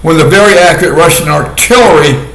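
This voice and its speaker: A man giving a casual monologue commentary in a sardonic way, laughing often at his own dark jokes. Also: a little high, brisk. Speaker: video commentator. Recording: echoey room.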